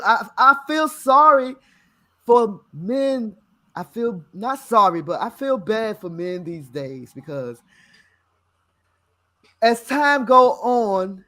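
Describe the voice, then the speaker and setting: A woman's voice: mid-range voice, pushed and bright. A woman on a talk panel, speaking reflectively and repeating words for emphasis. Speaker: panel member. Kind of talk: casual talk.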